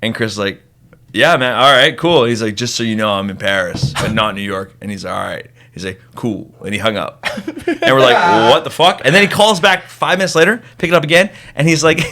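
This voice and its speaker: A man who is a magician, guesting on a podcast and telling stories in casual, animated chat, swearing freely. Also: medium pitch, moderate pace. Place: recording studio.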